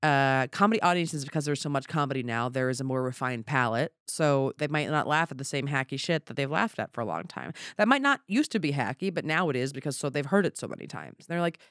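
A man, a comedian, talking in a casual podcast chat, rambling and animated and swearing offhandedly. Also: medium pitch, fast talker, few pauses, clean tone, dry recording, clean studio sound. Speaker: comedian guest.

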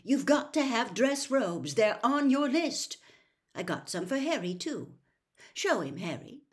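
A woman voicing a fussy, cross mother who scolds briskly in a raised voice. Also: fairly low pitch, big pitch swings. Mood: scolding.

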